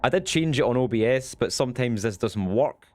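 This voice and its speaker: A man's voice: medium pitch, lively intonation, brisk, darkish tone. A young Scottish man chatting casually on his live stream, rambling and swearing now and then. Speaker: Twitch streamer.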